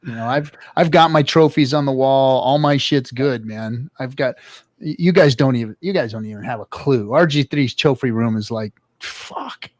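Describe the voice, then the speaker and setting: A middle-aged man and regular of the show, chatting casually and profanely on a livestream, telling animated stories. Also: mid-range voice, normal speed, dry recording.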